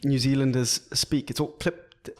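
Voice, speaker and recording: A young man from South Africa co-hosting a comedy podcast, chatting casually with crude jokes and frequent laughter. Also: mid-range voice. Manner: jokey, crude, quick to laugh. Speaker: podcast co-host.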